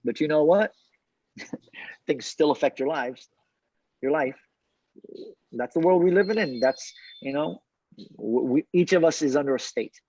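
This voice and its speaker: A man talks from his car as an interview guest, animated and laughing often, often repeating his words. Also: on the high side, unhurried, pauses often, no echo. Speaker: cigar brand founder, guest. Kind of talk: casual interview chat. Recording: dull dry remote call audio.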